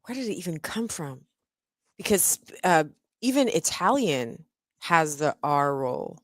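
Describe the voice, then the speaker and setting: A woman's voice: sits low, big pitch swings, unhurried, a bit bright, no echo. A woman hosting a casual video call, chatty, restarting her sentences and laughing easily. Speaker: host.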